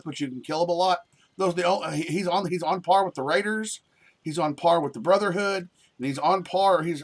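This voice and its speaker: A man chatting casually and profanely while streaming a game. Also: high voice. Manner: rambling, profane, easygoing. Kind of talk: casual live-stream chat.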